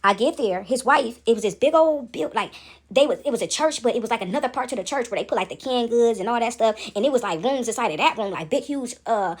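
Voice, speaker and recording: Fast-talking breathy young woman storyteller. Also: on the high side, animated. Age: young adult. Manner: chatty, keeps tagging "right?" and "y'all". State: shaken up. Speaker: vlogger. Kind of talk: casual storytelling to viewers.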